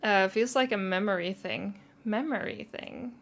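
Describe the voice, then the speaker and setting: A woman's voice: medium pitch, unhurried. A woman streaming live, chatting casually and self-consciously while reading chat.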